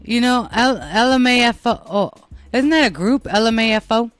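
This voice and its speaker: A woman's voice: fairly high pitch, animated, normal speed, faint music behind. An American woman hosting her own show, talking casually to listeners in a blunt, profane and self-mocking way. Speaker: podcast host.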